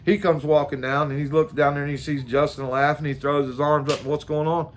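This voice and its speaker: A man's voice: on the high side, level tone, a little fast, a little hiss or hum. A middle-aged man, casually telling a rambling story to the camera with lots of fillers, restarts and the odd curse. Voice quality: plain-spoken and informal, swears casually. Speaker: amateur drag racer.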